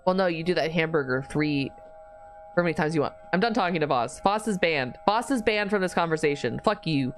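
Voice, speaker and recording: A woman's voice: low voice, a little fast, soft background music. A woman streamer chatting casually during a live game stream, swearing freely as she banters with her chat.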